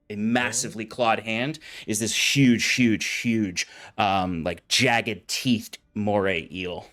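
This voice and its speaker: A man's voice: fairly low pitch, a bit bright. A man narrating as game master of a tabletop game, describing scenes casually with many fillers.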